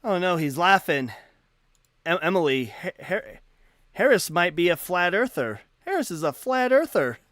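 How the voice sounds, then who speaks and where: A man's voice: high-pitched, big pitch swings, normal speed, a bit bright, no room sound, clean studio sound. A man hosting a live debate stream, talking casually and animatedly, often repeating and restarting words. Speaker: livestream debate host.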